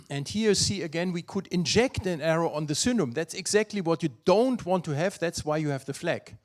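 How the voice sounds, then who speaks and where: A man's voice: on the high side, lively intonation, normal speed. An older man with a German accent, giving an academic physics lecture and thinking aloud, with many fillers and restarts.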